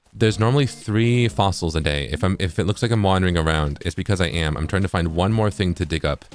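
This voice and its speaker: A male streamer chatting casually while playing a game, relaxed and chuckling, reading viewer messages aloud. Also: deep voice. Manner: relaxed, chuckling, sprinkles Japanese phrases, reads chats aloud.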